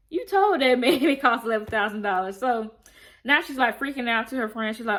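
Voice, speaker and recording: A woman in a casual, animated recap of a TV show, telling it in a slangy, chatty way. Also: fairly high pitch, a little fast. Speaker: TV show reviewer.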